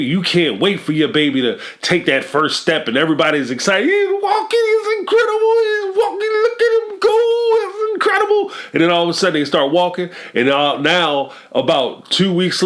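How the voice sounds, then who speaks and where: A man's voice: a little high, a bit bright. A man giving reality-show commentary in an emphatic, conversational storytelling manner. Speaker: commentary vlogger.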